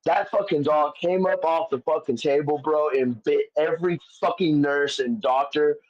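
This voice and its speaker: A man's voice: on the high side, moderate pace. A man, a comedian guest, telling stories in casual chat, swearing often and rambling with many fillers. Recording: dull lo-fi audio.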